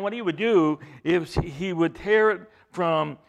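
A man whose voice sits high, with vocal fry, takes his sermon slowly. He tells the story dramatically, asks rhetorical questions, and swings from loud emphasis to hushed tones.

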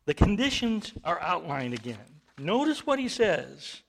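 A man's voice: fairly high pitch, very animated, measured pace, gravelly, fairly bright tone. A male pastor preaching a sermon, emphatic, with rhetorical questions and rising bursts of volume.

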